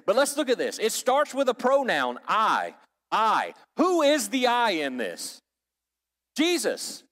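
A man's voice: high voice, huge pitch swings, slow pace, fairly bright tone, in a large hall. A man teaching a sermon to a church group in a conversational way, asking the audience questions and joking. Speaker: pastor or Bible teacher.

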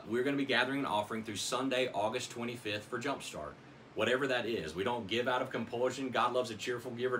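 Bright-voiced man preaching a sermon. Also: medium pitch, slight background noise. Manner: earnest, dramatic scripture reading. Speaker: pastor. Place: church.

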